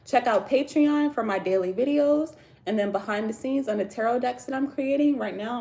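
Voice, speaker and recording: With a medium-pitched, slightly mellow voice, an American woman hosts a relaxed tarot livestream from her house. She banters with viewers in casual slang and laughs throughout.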